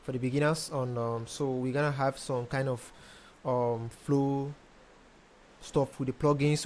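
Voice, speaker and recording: A young man, a music producer casually talking through a tutorial step by step, pausing often with ums. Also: mid-range voice, slight background noise. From Nigeria. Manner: relaxed, hesitant with frequent ums, explains step by step. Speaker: music producer teaching mixing. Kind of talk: casual screen-recorded tutorial.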